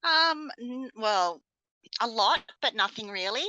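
A woman, co-hosting a casual chat and telling lively stories with acted-out voices and laughter. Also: fairly high pitch, slow pace, lo-fi sound. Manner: animated storyteller, acts out voices with laughs. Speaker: podcast co-host.

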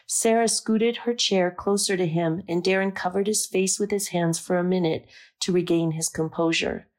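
A woman narrating a story aloud in a calm, measured reading. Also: fairly low pitch. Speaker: audiobook narrator.

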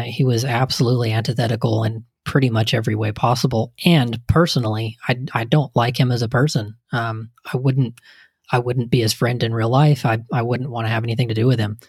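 A man's voice: mid-range voice, a little mellow, no room sound, clean studio sound. A man in casual political chat, speaking hesitantly with frequent "you know" and "um.".

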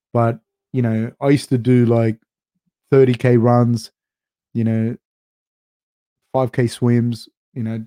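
A man's voice: medium pitch, dark tone. A middle-aged man hosting a live fight recap show, reading viewer comments aloud and answering them in a loose, profane, rambling way with lots of fillers.

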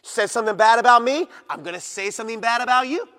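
In an animated, fairly high voice, a pastor delivers a sermon directly to his congregation. Emphatic passages give way to slower moments where he falls almost to a whisper, all carried by the long echo of a big hall.

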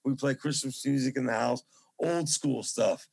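Middle-aged male guest on a video call, medium pitch, rambling, gushing, reverent storyteller. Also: normal speed, darkish tone, breathy edge. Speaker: musician guest. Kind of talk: casual interview chat.

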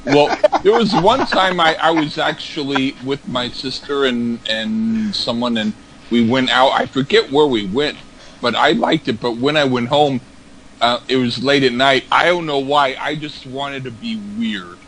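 A man chatting casually on a podcast, rambling and tripping over his words. His pitch rises and falls in a lively way. A faint room ambience sits behind him. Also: a little hiss or hum, poor audio. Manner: rambling, halting, repeats words. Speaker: podcast co-host. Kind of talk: casual chat.

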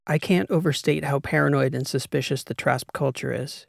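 A man reading an audiobook voices a composed female spy handler in a measured, matter-of-fact way. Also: mid-range voice, creaky, dry recording, clean studio sound. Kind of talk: audiobook character voice.

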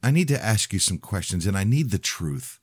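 A man's voice: fairly low pitch, very animated, moderate pace, slightly rough, no echo, clean studio sound, pitched above the performer's own voice. A man voicing a distraught young woman in an audiobook, pleading and breaking into tearful outbursts. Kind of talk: audiobook reading.

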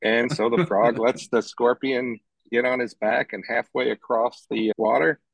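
A man's voice: medium pitch, unhurried, vocal fry, dry recording, poor audio. A man cohosting a podcast in casual chat, ribbing his cohost and telling stories. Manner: ribbing, storytelling. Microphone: travel mic, from an airport.

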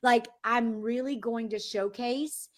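A woman leads a sales training over a call, talking with bounce and energy. Her voice sits slightly high. She keeps acting out the messages she quotes in quick little voices. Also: fairly even intonation. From American South. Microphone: phone or call line.

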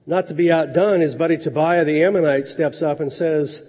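A man preaching a sermon in a conversational way, dropping low and soft to drive points home. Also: steady tone, normal speed, few pauses. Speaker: pastor. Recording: echoey hall, dull lo-fi sound.

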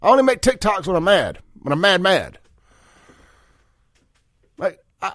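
Folksy radio host, riled up. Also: male voice, very animated, unhurried, pauses often, fairly bright tone, no echo, studio quality. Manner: folksy, worked-up rants, pitch climbing when riled. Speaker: radio talk show host. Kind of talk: opinionated sports talk. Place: radio studio. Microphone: studio microphone.

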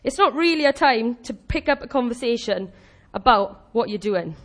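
A woman preaching a sermon in a chatty, animated way, laughing often and acting out the voices of the people she quotes. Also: a little high, moderate pace.

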